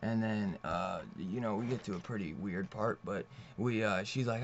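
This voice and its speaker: A man's voice: fairly low pitch, normal speed, a little hiss or hum. A man reviewing a comic book in a loose, rambling way, swearing freely and laughing often. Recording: dull lo-fi recording.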